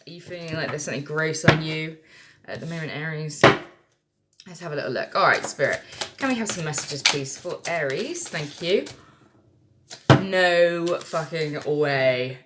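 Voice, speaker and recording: A woman's voice: low-pitched, lively intonation, normal speed, heavy background noise. A woman giving a casual tarot reading, chatty and irreverent, swearing freely as she talks through the cards. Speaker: tarot reader.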